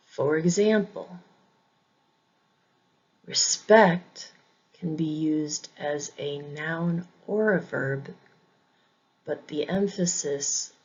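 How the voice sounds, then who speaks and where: A woman teaching English pronunciation in a scripted lesson, saying each example word twice in a deliberate way. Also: deep voice, breathy edge, highs cut off.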